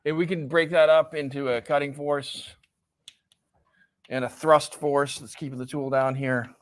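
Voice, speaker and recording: A man's voice: a little high, level tone, measured pace. A male professor giving a classroom lecture in a conversational way, often checking in with "right?". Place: lecture hall.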